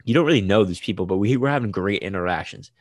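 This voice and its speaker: A young college-age man with a lowish voice rambles through casual chat, tossing in "dude" and "like". The sound is close and dry, with no room echo. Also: animated, fast. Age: young adult. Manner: chatty, rambling, "dude" and "like" fillers.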